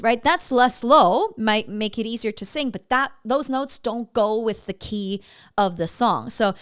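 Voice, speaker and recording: A woman's voice: fairly high pitch, lively intonation, a little slow, fairly bright tone, clean tone. A woman vocal coach giving feedback on singing clips in a chatty way, breaking off to sing short demo phrases.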